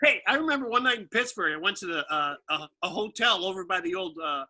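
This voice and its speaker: A man's voice: high voice, lively intonation, fast, pushed and bright. A man as a guest on a video call, chatting in a laid-back, rambling way and trailing off with fillers. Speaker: guest, former pitcher. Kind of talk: casual video-call chat.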